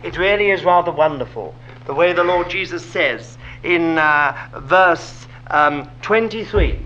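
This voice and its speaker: A man's voice: a little high, unhurried, bright, forceful tone, muffled recording, a little hiss or hum. A man preaching a sermon, asking rhetorical questions and dropping to a whisper for emphasis.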